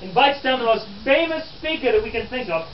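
A man's voice: extremely high pitch, expressive, brisk, a little hiss or hum. A man in character as a lecturing 1860s newspaperman, talking theatrically to a crowd of visitors. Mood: grim, lecturing. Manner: theatrical, scornful, calls listeners "friends". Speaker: living history interpreter. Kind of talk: in-character living history talk to visitors. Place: outdoor historic park program. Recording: distant, roomy, dull camera audio.

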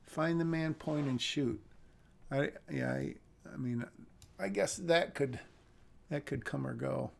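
A man's voice: fairly high pitch, takes it slowly, vocal fry, long pauses, slight background noise. A man reading a screenplay aloud on a live stream and critiquing it, thinking aloud with hesitant restarts. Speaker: script reader and critic.

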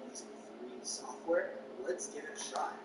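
A man's voice: fairly high pitch, normal speed, creaky. A man narrating his own vlog in a chatty, easygoing way, recorded far from the mic in an echoey room. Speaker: YouTuber. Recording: distant echoey room with loud noise. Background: loud noise.

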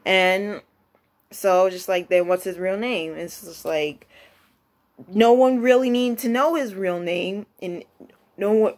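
Rambling young woman telling a story. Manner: rambling, many restarts and quoted asides; lively pitch jumps when excited. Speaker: vlogger. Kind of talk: casual storytelling monologue.

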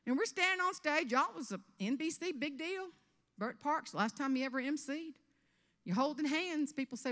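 A woman in her fifties from South Carolina with a Southern US accent, giving a humorous keynote speech on stage with animated storytelling. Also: sits high, normal speed, long reverb tail. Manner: animated storytelling with character voices. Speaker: motivational speaker. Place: event stage before an audience.

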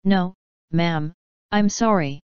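A woman's voice: on the low side, slow, clear, resonant tone, no room sound, muffled recording. A woman voicing a polite male guard who answers respectfully and deferentially.

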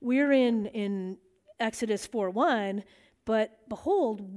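A middle-aged woman teaching a bible study, lively and animated, acting out the voices in the stories she tells. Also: fairly high pitch, takes it slowly. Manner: animated, acts out quoted voices.

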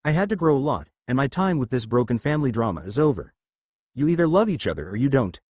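A man's voice: medium pitch, very animated, fast talker, darkish tone, dry recording. A man voicing a firm teenage fighter. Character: teenage male half-alien fighter, firm.

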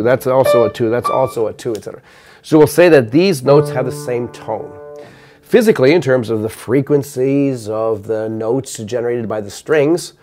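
An older man giving a measured, explanatory math lecture, counting notes aloud while playing piano. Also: mid-range voice, dark tone.

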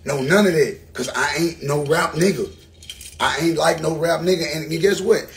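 Speaking at normal speed in a slightly high, creaky voice, a Memphis rapper in his thirties delivers a heated, profane rant to camera. His Southern accent is strong, he keeps pounding on the same phrases, and there is slight background noise.

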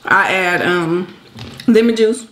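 A woman's voice: lowish voice, slow, background noise. A woman co-hosting a mukbang, chatting casually and laughing easily as she eats. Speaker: co-host of a mukbang channel. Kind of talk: casual chat while eating.

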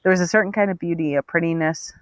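A woman narrating an audiobook with steady, expressive storytelling. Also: on the low side, fast, dry recording. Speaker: audiobook reader.

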